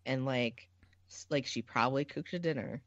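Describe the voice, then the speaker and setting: A woman's voice: extremely low pitch, moderate pace, dry recording, dull audio. A woman co-hosting a podcast in casual chat, rambling with lots of fillers and casual swearing. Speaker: podcast co-host.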